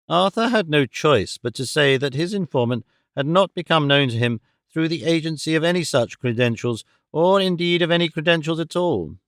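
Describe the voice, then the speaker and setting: Male narrator for a classic audiobook, steady and even, smooth voice pitched slightly high. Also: no echo, clean studio sound. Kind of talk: scripted narration of a classic novel.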